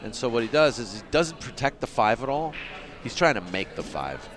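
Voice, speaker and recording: Lively, chatty male pool commentator. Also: medium pitch, moderate pace, a crowd in the background. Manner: chatty, joking with viewers, laughs often. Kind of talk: casual live play-by-play commentary.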